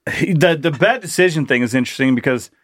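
A man's voice: on the high side, animated, a little fast, fairly bright tone, no echo, clean studio sound. Thoughtful man chatting on a podcast. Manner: thoughtful, feeds prompts and questions. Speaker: podcast co-host. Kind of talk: casual comedic chat.

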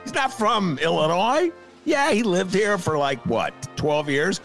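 Animated joking man, gravelly voice. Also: high-pitched, a little slow, faint music behind. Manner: animated, joking, self-deprecating. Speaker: podcast host. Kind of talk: casual comedic chat.

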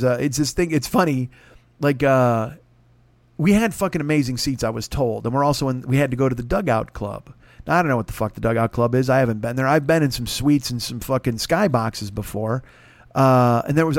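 A man's voice: medium pitch, no room sound. A man telling a long story in a casual podcast style, profane, rambling and self-mocking.

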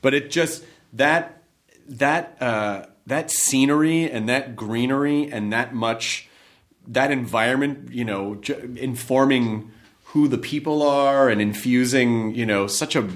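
A man's voice: medium pitch, unhurried. A man hosting a casual interview, eager and joking, talking with enthusiasm. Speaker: interview host.

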